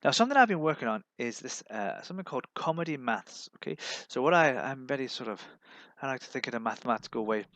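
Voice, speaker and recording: A man from England, performing a live-streamed stand-up set of deadpan one-liners. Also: mid-range voice, quick pace, hardly any pauses, no echo. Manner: deadpan one-liners with put-on voices for others. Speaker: stand-up comedian.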